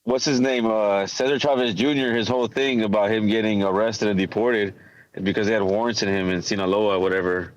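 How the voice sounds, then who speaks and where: Low-voiced male panelist telling stories. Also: steady tone, a little fast. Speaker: podcast panelist. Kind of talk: casual panel chat. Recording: dull lo-fi mic.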